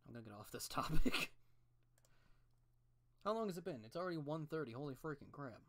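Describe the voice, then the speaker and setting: This art streamer has a voice of middling pitch and talks into a desk mic while drawing at home. They wander off into long, profane rants, backtracking and restarting sentences as the thoughts come. The delivery is loose and conversational. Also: sing-song, brisk, pauses often, a bit bright. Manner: rambling, profane, ranting with restarts. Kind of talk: casual rambling commentary while drawing.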